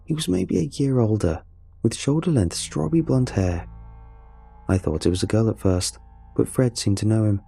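A man with a gravelly, husky voice narrating a scripted first-person story. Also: lowish voice, expressive, normal speed. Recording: soft music under the voice.

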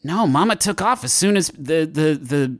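A man's voice: a little high, expressive, moderate pace, natural voice. A man voicing a flustered young man who stammers and rambles when panicked.

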